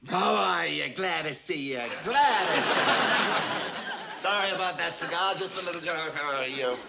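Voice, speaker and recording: A man's voice: high voice, lively intonation, creaky, exaggerated voice. An actor playing a brash, bossy businessman obsessed with efficiency, firing off orders and repeating words in 1960s sitcom style, on dull, noisy old TV audio. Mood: brisk. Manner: rapid-fire, barking orders, repeats words. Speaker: efficiency expert boss.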